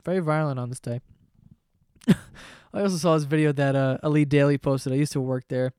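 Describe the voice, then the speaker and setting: A man's voice: a little high, steady tone, normal speed, a little mellow, clean tone, dry recording, clean studio sound. A young man telling rambling, profane stories in a casual podcast monologue. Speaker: podcast host.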